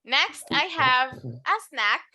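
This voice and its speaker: A woman's voice: high-pitched, huge pitch swings, takes it slowly, over a noisy crowd. A woman teaching an English class, explaining patiently and switching to Spanish to clarify. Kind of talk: online English lesson.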